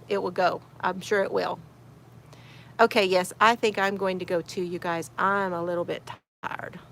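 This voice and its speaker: A woman's voice: mid-range voice, gravelly, slight background noise. A woman hosting a casual crochet livestream from her she shed, greeting viewers by name, reading chat comments aloud and laughing often. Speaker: crochet channel host.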